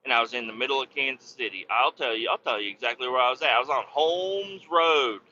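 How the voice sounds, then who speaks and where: A man's voice: medium pitch, fast talker, lo-fi sound, a little hiss or hum. A man hosting a podcast, casually telling a story with a lot of cursing and repeating himself. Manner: profane, animated, repeats himself.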